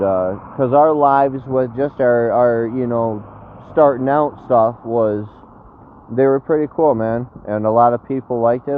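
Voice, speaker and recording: Brash, slangy man on a tinny phone stream. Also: mid-range voice. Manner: brash and slangy, swears freely. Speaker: storm chaser streaming live. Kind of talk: casual live-stream chat. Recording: tinny phone-like audio with faint noise.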